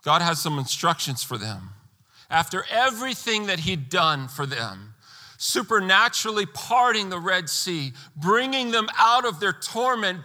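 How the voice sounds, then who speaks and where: A man preaching a sermon as pastor, emphatic, pressing hard on key words and rising to near-shouts. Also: high-pitched, big-room sound.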